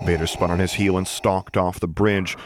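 A man narrating a story with a wry, measured delivery. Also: deep voice, little pitch movement, slight background noise. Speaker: audiobook narrator. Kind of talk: fan fiction narration.

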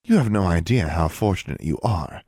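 A man voicing a stern, icy older female witch inquisitor, calm and clipped, in a dry, close recording. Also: low-pitched, normal speed, dry recording. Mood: lecturing. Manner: cold, clipped, calmly threatening. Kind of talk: audiobook character reading.

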